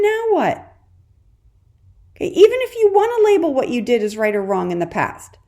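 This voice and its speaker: A woman talks straight to her listeners as the host of a solo parenting podcast. Her delivery is chatty and encouraging, loose and conversational, with frequent "okay"s. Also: sits high. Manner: warm encouraging, addresses listener as "dear warrior".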